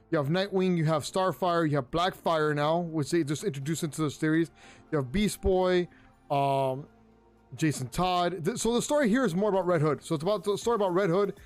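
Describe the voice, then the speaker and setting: Young guy with a high voice rambling on a podcast, lots of restarts, faint music under it. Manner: rambling, restarts often, excitable asides. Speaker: podcast host. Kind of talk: casual review chat. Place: home room.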